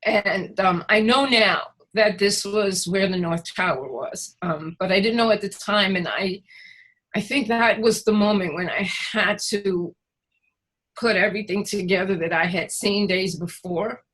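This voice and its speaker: A woman recovery worker telling her own story, hesitant with frequent pauses and fillers. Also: medium pitch, fairly bright tone, low-quality recording. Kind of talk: personal storytelling in a conversation.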